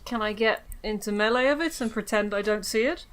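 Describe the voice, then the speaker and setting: A woman's voice: mid-range voice, fairly quick, a bit bright. A woman playing a tabletop game, making short, playful remarks. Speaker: player.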